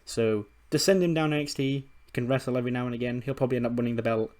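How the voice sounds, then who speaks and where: A man and gaming channel host, casually narrating a game recap with animated storytelling and frequent laughter. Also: mid-range voice, very fast. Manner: animated storytelling, acting out characters, laughing often.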